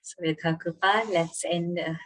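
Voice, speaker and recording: A woman teaching an online chanting class, patiently explaining pronunciation and chanting slowly over a video call. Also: on the low side, fairly even intonation.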